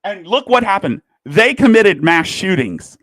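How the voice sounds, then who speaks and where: A man's voice: high voice, sing-song, a little slow, fairly bright tone, dry recording. A man in a heated, profane commentary rant, lurching between fury and apology. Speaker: livestream commentator. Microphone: desk microphone.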